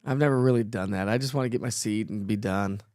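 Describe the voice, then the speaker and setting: A man's voice: on the low side, fast, darkish tone. A middle-aged man hosts a live weather stream, casually reading out viewers' comments and answering them. His speech is chatty and loose, with frequent fillers. The sound is dry and close, with no room echo. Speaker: weather show host.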